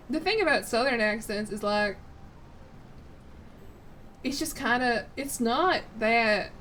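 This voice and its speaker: A young woman from Chicago, chatting casually and rambling as she streams, quick to laugh. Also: fairly high pitch, a bit bright, a little hiss or hum. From Chicago, United States. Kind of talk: casual chat while streaming.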